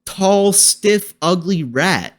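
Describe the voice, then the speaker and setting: A man's voice: high-pitched, expressive, extremely slow. A man hosting a casual podcast, reviewing a movie in a rambling, profane way and laughing often. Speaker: host.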